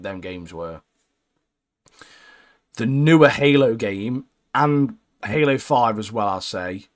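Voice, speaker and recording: A young man co-hosting a casual gaming podcast, bluntly giving his opinions and saying "mate" constantly. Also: medium pitch. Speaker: podcast co-host.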